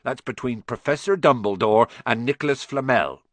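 A man voicing a big, gruff male gamekeeper who speaks in a folksy dialect, reading an audiobook. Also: medium pitch, normal speed, dry recording, close to an everyday voice.

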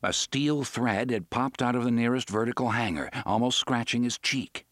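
A man narrating an audiobook in a measured, dramatic storytelling manner. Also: medium pitch, a bit bright, no room sound, studio quality.

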